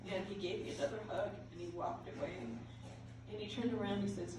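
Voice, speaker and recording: An older woman giving a heartfelt memorial speech, halting and emotional, laughing through tears. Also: medium pitch, fairly even intonation. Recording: echoey hall from far off, with noise.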